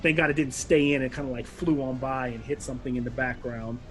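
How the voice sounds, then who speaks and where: A man's voice: mid-range voice, flat delivery, fast talker, a bit bright. A man narrating a tabletop game as game master, rambling along with lots of fillers.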